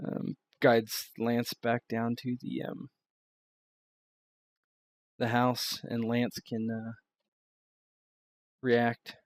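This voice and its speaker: A man narrating a tabletop game as game master, with many pauses and fillers. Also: medium pitch, monotone. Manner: hesitant, filler-heavy, descriptive.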